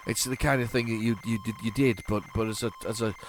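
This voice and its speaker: A man's voice: lowish voice, fairly even intonation, fast talker, slight background noise. A tired middle-aged man, rambling and joking as he hosts a retro gaming video and keeps restarting his sentences. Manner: rambling, chatty, many restarts, sarcastic asides. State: tired, yawning. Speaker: retro gaming channel host. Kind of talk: casual commentary while loading games.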